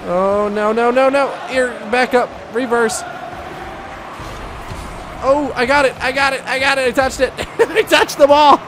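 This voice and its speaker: High-pitched excitable man playing a game. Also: a little slow, long pauses, a crowd in the background, background noise. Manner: excitable, shouts and laughs at plays. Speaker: gaming YouTuber. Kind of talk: excitable gameplay commentary.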